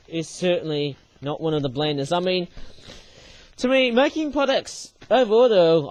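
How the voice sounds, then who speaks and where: A man's voice: high-pitched, no echo. Rambling young man reviewing toys. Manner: rambling, ends phrases with tag words. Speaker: channel host reviewing his own origami toys. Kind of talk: casual product review.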